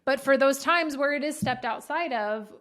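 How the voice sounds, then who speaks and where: A woman's voice: sits high, moderate pace, a bit bright. A woman hosting an interview, speaking earnestly and personally, with emotion in her voice. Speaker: host. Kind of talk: interview conversation.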